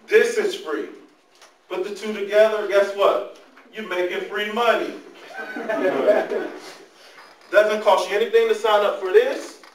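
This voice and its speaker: Lively man speaking to youth in an echoey room. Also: high voice, a little hiss or hum. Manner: animated storytelling, talks to the audience. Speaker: motivational speaker. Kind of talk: motivational talk to youth. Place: large room, speaking to a live audience. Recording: echoey room, mic far off.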